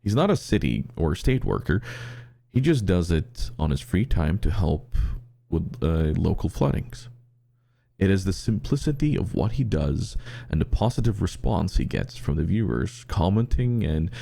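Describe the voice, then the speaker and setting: A man co-hosting a podcast who tells stories in a casual, animated way and often restarts his sentences. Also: deep voice, normal speed, gravelly. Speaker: podcast co-host.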